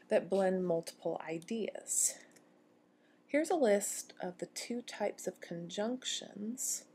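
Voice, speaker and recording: A woman giving a recorded university lecture on grammar, explaining clearly and slowing down to read quoted lines. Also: medium pitch, dark tone, a little hiss or hum.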